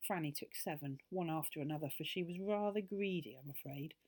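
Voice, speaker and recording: A woman reading a children's story aloud in an expressive, animated way. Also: deep voice, a little fast.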